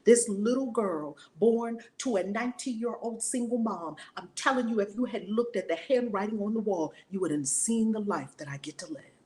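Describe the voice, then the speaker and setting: A woman's voice: medium pitch, moderate pace, hardly any pauses, a little mellow. A woman in her forties teaching a spiritual lesson in a fiery, preacher-like way, acting out voices. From United States.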